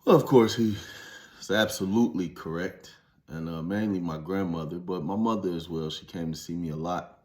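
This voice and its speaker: Low-voiced man, blunt and profane. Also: normal speed. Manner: blunt and heavily profane, rising to emphatic preaching. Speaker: former inmate telling his story. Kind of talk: casual storytime monologue.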